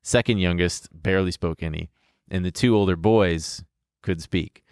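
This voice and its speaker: Podcast co-host, male, deep-set voice, frank and laughing as he recounts. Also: normal speed, a little mellow, clear, resonant tone, dry recording, clean studio sound. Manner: candid, laughs through his story, swears freely. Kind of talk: casual storytelling chat.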